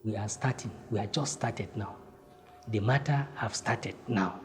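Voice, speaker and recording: A man telling his own life story, acting out heated exchanges with lively swings in voice. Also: on the low side, measured pace, soft background music. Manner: animated, acts out heated exchanges. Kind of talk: personal storytelling.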